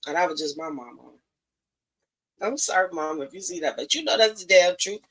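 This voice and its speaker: A woman's voice: medium pitch, fairly bright tone, low-quality recording. Woman, blunt, profane, preachy, casual live-stream talk, mid-range voice. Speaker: podcast host.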